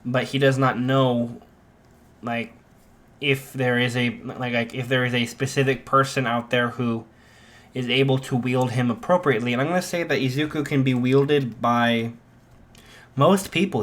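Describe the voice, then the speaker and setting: A man spins a casual fan story at an ordinary pitch, rambling along and padding his sentences with constant fillers. He talks loosely and unscripted. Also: a bit bright.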